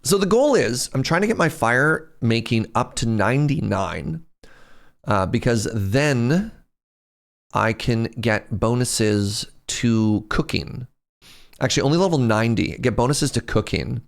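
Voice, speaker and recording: A man's voice: medium pitch, lively intonation, unhurried, vocal fry. A man streaming a game, chatting casually, telling stories and laughing often between moves. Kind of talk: casual gameplay chat.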